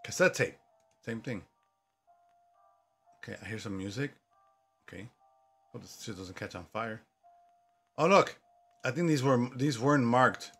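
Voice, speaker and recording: A man's voice: mid-range voice, measured pace, creaky, pauses often, fairly bright tone, husky, soft background music. A man giving joking commentary on a horror game, reacting aloud to scares and talking back to the story. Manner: jokey, talks back to the game, yelps at scares. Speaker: gaming commentator.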